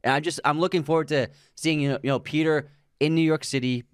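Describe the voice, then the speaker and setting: A man's voice: a little high, steady tone, fast, clean tone, dry recording, studio quality. A man co-hosting a movie channel, chatting in an easygoing, agreeable way during a casual discussion about a film.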